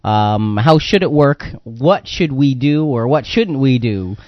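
A man's voice: medium pitch, animated, takes it slowly, no room sound, highs cut off. A man hosting a Christian radio talk program in casual chat, rambling and repeating words with many fillers. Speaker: radio talk show host.

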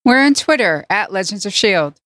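A woman's voice: medium pitch, very animated, moderate pace, a bit bright, no room sound, studio quality. Wry woman podcast co-host. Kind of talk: casual podcast chat.

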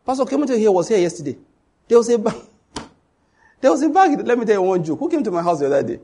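A middle-aged man, preaching a sermon in an animated storytelling way. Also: a little high. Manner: storytelling, animated, with sudden loud acted outbursts. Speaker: pastor.

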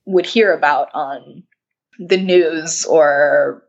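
Brief: young adult woman, slightly hoarse, rambling guest, low and unhurried, muffled lo-fi recording. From New York City. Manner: rambling, frequent restarts and laughs. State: losing her voice. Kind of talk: casual interview conversation. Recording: dull lo-fi audio.

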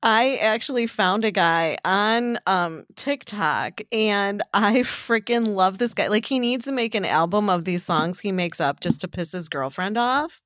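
A woman's voice: mid-range voice, animated, measured pace, few pauses, fairly bright tone, no room sound, studio quality. A woman hosting a podcast in casual chat, full of "like" and "um". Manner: chatty, lots of "like" and "um". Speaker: podcast host.

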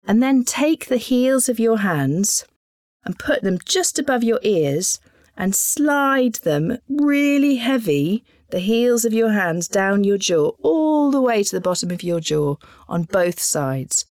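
A woman, calmly guiding listeners through voice warm-up exercises as a voice coach and demonstrating the sounds herself. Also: on the high side, takes it slowly, dry recording, clean studio sound. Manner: calm, instructive, demonstrating sounds.

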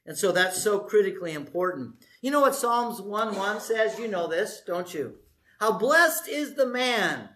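Animated conversational preacher man. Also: sits high. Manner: animated, conversational, asks the audience questions. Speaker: pastor. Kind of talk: sermon.

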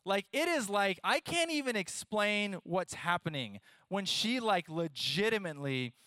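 A man in his thirties preaching a sermon, playful and animated, talking straight to his audience. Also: sits high, measured pace, smooth, dry recording. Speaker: pastor.

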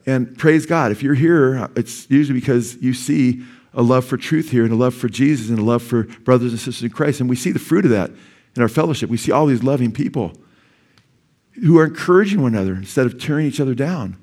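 A man's voice: medium pitch, brisk, a little mellow. Earnest male pastor preaching a sermon. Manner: earnest, urgent preaching with sudden emphatic rises. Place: church sanctuary.

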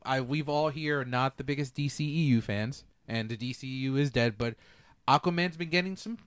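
A man hosts a casual podcast, talking in an animated, rambling way and restarting his sentences. His voice sits in a middle range and sounds dry and close to the mic. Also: mid-range voice, a little fast, smooth, no echo. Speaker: podcast host.

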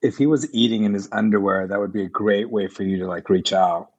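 Husky-voiced man, dull sound. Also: lowish voice, fairly even intonation, brisk. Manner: brief reactions, amused interjections. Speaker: podcast guest, creative director. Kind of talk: casual chat.

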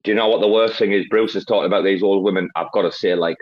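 A man from Northeast England with a Northeast English accent, telling loud, sweary stories in a casual chat. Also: sits low, fairly even intonation, fast talker, lo-fi sound.

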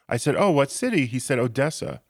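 A male podcast host talking in a loose, chatty way, often restarting his sentences. His voice is mid-pitched and sits close to the mic in a dry, dead room. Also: brisk, no room sound. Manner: chatty, storytelling, many restarts. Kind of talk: casual podcast conversation.

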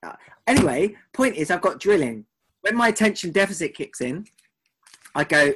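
Husky, teasing man. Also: high voice, sing-song, fairly bright tone. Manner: teasing, quick-fire, mock-exasperated. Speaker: podcast co-host. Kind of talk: casual podcast banter.

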